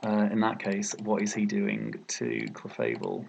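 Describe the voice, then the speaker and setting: British man, young, gravelly, husky, self-critical game commentary, thinking aloud. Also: fairly low pitch, very animated, normal speed, few pauses, a little mellow. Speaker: gaming video creator. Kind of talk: live commentary over a competitive game.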